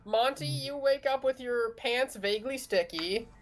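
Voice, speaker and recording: A woman's voice: on the high side, measured pace. A young woman narrating as game master, chatty and amused, with many fillers.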